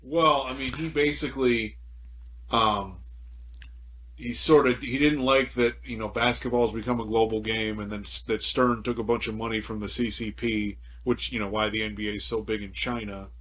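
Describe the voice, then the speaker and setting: A man's voice: lowish voice, steady tone, normal speed, fairly bright tone, poor audio. A man co-hosting a casual sports podcast, exasperated and swearing, mocking the opinions he disagrees with. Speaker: podcast co-host. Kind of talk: casual chat.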